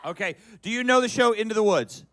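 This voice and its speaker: A middle-aged man telling a comic story on a cabaret stage, animated and building to loud shouts. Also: high-pitched, quick pace, a little hiss or hum. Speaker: guest performer.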